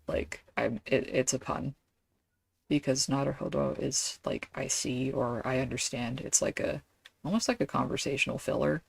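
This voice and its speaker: A woman's voice: a bass voice, vocal fry, a little mellow. A woman streaming a game, chatting casually and rambling with lots of fillers and self-deprecating asides.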